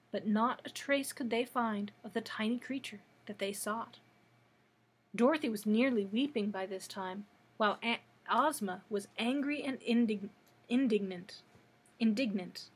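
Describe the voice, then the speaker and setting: Breathy woman reading a storybook aloud. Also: fairly high pitch. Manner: steady, expressive storytelling. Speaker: librarian. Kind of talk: reading a children's book aloud.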